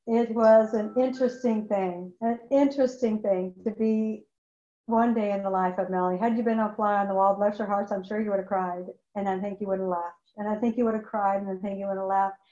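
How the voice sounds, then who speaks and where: A woman with a mellow, mid-range voice and fairly even intonation speaks at a brisk pace about her recovery. Her testimony is emotional and candid, with phrases often repeated for emphasis. The recording is lo-fi, dull and echoey, made in a room.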